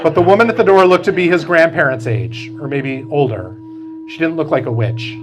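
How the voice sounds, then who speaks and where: A man, the author, reading aloud from his novel at a bookstore event in slow, measured storytelling. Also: fairly high pitch, animated, lo-fi sound, over music.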